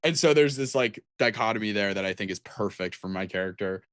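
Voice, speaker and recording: A man's voice: on the low side, fairly quick, a bit bright, clear, resonant tone, no room sound, clean studio sound. A man co-hosting a podcast, chatting casually about tabletop games in a rambling way with many restarts. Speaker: podcast co-host.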